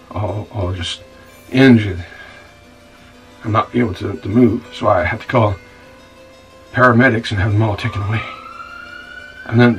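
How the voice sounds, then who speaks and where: A man plays a rough, self-pitying scoundrel who runs a bar, stumbling over his words as he complains. His voice sits low and is heard from a little way off the mic, with a faint music bed under it. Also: far from the mic, close to an everyday voice, rough recording. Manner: stammering, repeats words, calls the listener "son". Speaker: bar owner recounting his troubles. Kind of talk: monologue in a comedy-drama web series.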